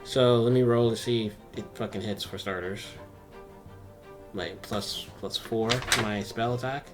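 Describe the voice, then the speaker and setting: A man playing a tabletop game, laid-back and casual, swearing freely and thinking out loud with fillers. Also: fairly low pitch, steady tone, unhurried, music in the background. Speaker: player.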